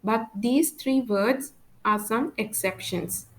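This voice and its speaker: A woman teaching a French lesson at an unhurried pace. Her voice sits a little high, and she patiently repeats every example word. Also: a little mellow, poor audio. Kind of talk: language lesson.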